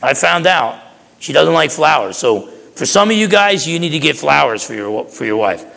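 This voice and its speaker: A middle-aged man from New Jersey delivers a sermon with a gravelly, slightly high voice. He talks in a folksy, storytelling way, doubling back on his words. His voice rings through a hall with a long echo. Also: big pitch swings, normal speed, a bit bright. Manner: folksy, repeats words, tells stories. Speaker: pastor.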